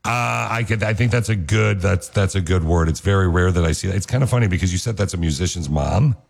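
A man's voice: low voice, fast, gravelly. A man hosting a radio show in a studio, bantering casually and teasing his co-host. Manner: teasing, joking.

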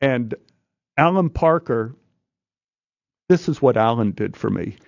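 A man as a studio guest telling a story in an animated way, restarting phrases and acting out the people in it. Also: medium pitch, gravelly, dry recording, muffled recording. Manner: halting, restarts phrases, acts out quoted voices.

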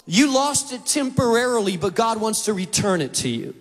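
In a large auditorium, a pastor delivers a sermon at a normal pace, his voice fairly high for a man. He tells animated stories and slips into other people's voices, and a long reverb trails each phrase.

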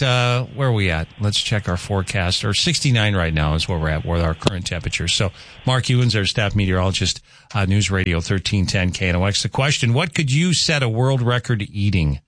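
A man's voice: lowish voice, fairly bright tone. A man hosting a local radio talk show, chatting casually with callers in a rambling, self-correcting way. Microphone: studio microphone.

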